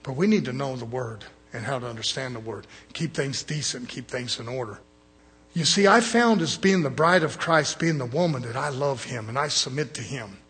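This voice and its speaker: A man's voice: mid-range voice, animated, normal speed, a bit bright, husky. A middle-aged male preacher giving a fiery sermon in a blunt, folksy manner, calling for amens from the congregation. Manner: folksy, blunt, call-and-response.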